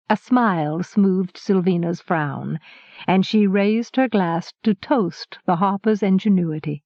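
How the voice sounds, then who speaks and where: A woman narrating an audiobook in a calm, even storytelling manner, on a dull lo-fi recording. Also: medium pitch, measured pace, no room sound. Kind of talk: scripted narration.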